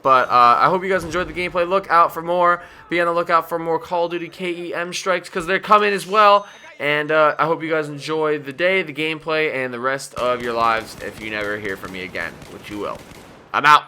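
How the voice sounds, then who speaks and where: Bright-voiced man rambling over gameplay. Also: a little high, fairly quick, clean tone. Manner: rambling, jokey, self-mocking; drowsy, yawning at times. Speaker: gaming video commentator. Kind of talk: casual gameplay commentary.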